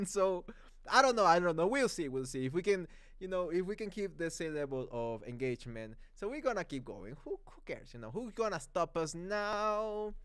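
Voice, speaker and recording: A man's voice: a little high, smooth, no echo, clean studio sound. A young man from Mexico with a Mexican Spanish accent, rambling through a casual live-stream movie review, repeating himself and laughing easily.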